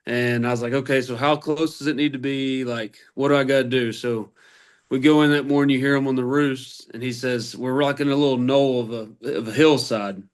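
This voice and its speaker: A man's voice: mid-range voice, a little fast. A man from Arkansas, a podcast guest telling long, rambling hunting stories in a casual way. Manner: rambling, animated anecdotes. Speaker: podcast guest, turkey hunter. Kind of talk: casual storytelling.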